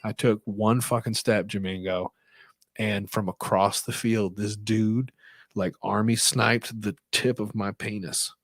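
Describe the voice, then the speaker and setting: A man co-hosting a podcast, telling a crude story in a loose, animated way and swearing a lot. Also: on the low side, unhurried, dry recording. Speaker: podcast co-host. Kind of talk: casual storytelling chat.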